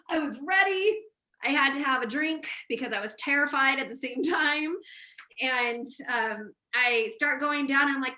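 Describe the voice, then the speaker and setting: Animated woman host in a roomy room. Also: high-pitched, a little slow. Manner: animated, laughing storyteller. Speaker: podcast host. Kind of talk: casual chat, storytelling. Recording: roomy echo.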